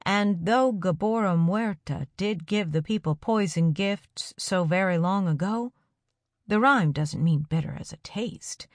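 A woman voicing a kind male village teacher who speaks gently and softly, then stammers when he is uneasy. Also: fairly low pitch, a little slow, no room sound, clean studio sound, close to an everyday voice. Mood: gentle. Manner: gentle, soft, stammering under strain.

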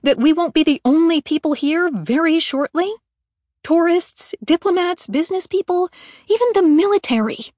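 A blunt, impatient heroine with a sarcastic edge, voiced by a woman narrating a story. Her voice sits high and carries more push than the narration around it. The recording is dry and close. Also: lively intonation, normal speed, a little mellow, dry recording. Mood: snappy. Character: brash, impatient young woman on a space station.

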